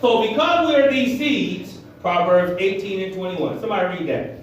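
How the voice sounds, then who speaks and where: A pastor delivers an animated sermon in a high voice, acting out voices as he preaches. He stands far from the mic, and the hall around him rings with heavy echo. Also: moderate pace, a little hiss or hum. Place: church hall. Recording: echoey hall, heard from far.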